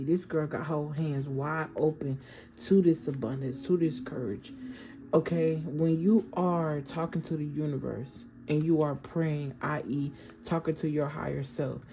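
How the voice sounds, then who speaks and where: A woman's voice: low voice, warm tone, a little hiss or hum, poor audio. A woman giving a casual, affirming tarot reading and often checking in with "okay?". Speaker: tarot reader.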